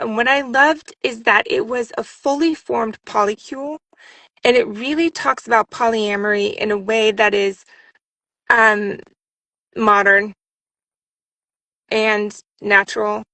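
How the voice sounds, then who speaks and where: A woman voice actress chatting in an interview, talking fast and rambling, with many restarts. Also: a little high, sharp tone, no room sound. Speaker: voice actress and audiobook narrator, guest. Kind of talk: casual interview chat.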